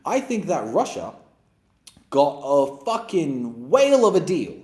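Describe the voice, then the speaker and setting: A man's voice: a little high, a little mellow. A man hosting an opinionated monologue and Q&A, blunt and sarcastic, with emphatic delivery. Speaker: host. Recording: roomy echo.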